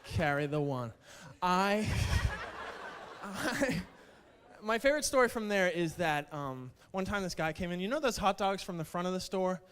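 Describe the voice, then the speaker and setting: A man's voice: high-pitched, animated, normal speed, fairly bright tone, slight background noise. A male stand-up comedian telling wry, self-mocking stories about old jobs, with stammered starts. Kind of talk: stand-up routine.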